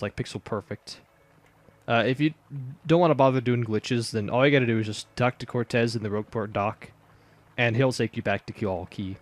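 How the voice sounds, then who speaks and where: A man's voice: on the low side, a little hiss or hum. A man with a slight Southern US accent giving casual, rambling commentary over a game playthrough. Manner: rambling, many fillers and restarts. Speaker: let's player.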